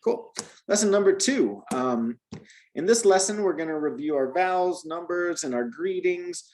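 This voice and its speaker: A man from the United States giving a one-on-one Spanish lesson to a beginner. He explains patiently, backing up and restarting his sentences, and his pitch jumps up and down with lively emphasis. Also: moderate pace. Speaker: Spanish teacher.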